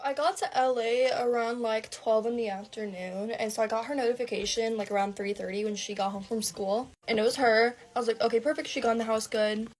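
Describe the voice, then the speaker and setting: A woman's voice: fairly high pitch, fairly even intonation, brisk, few pauses. Breathless gossipy young woman storyteller. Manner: breathless, gossipy, swears freely. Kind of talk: dramatic personal storytime.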